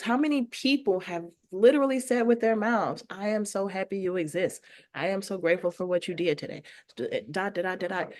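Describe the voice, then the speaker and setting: A woman guest on a podcast, an artist and educator, talking in a heartfelt, animated way and laughing often. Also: mid-range voice. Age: adult with children. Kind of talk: casual conversational interview.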